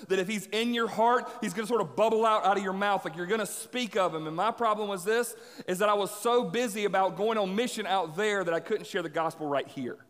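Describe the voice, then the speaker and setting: High-voiced preacher in a reverberant hall. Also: male voice. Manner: animated storyteller, acts out voices. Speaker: pastor. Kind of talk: sermon with personal stories.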